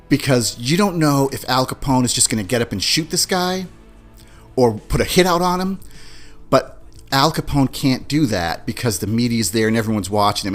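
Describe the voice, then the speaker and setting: Male podcast host, mid-range pitch, chatty animated storyteller, faint music underneath. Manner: animated storyteller, mimics beeping sounds and movie lines. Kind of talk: casual movie-talk podcast.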